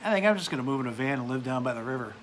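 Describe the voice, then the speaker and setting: A man's voice: mid-range voice, lively intonation, very fast, a bit bright, slight background noise. Angry man ranting to camera. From United States. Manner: irate, profane, sarcastic. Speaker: vlogger.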